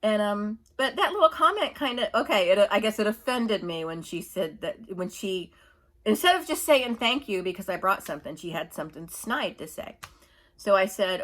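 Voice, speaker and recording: A woman's voice: mid-range voice, animated, moderate pace. A middle-aged woman ranting indignantly in her own opinion vlog, emphatic and repetitive. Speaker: YouTuber.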